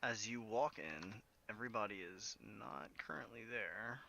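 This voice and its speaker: Bright-voiced man running a tabletop game. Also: on the low side, moderate pace, creaky. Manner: relaxed, hesitant narration with frequent fillers. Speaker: game master.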